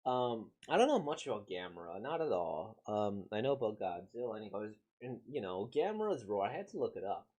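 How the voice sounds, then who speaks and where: A man's voice: fairly low pitch, sing-song, a little fast, hardly any pauses, a little mellow. A man casually reacting to a comic he is reading aloud, rambling with many fillers.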